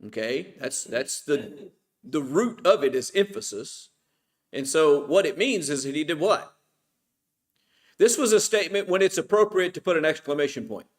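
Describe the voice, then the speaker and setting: Leading a church Bible study, this middle-aged man talks casually and keeps throwing questions at the group only to answer them on his own. His voice is fairly high, animated, and paced at a normal speed.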